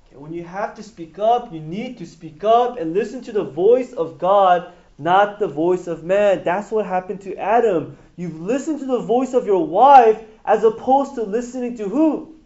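A high-voiced man preaches to a gathered group and keeps asking them to call out the end of each verse. The recording is dull and lo-fi, and the room echoes around him. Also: moderate pace. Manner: call-and-response, animated, asks the room to finish verses. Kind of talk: sermon.

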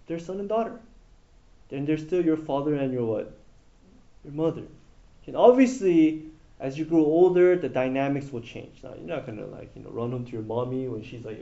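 A man preaching a sermon in an animated way, asking the audience questions as he goes. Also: sits high, lo-fi sound.

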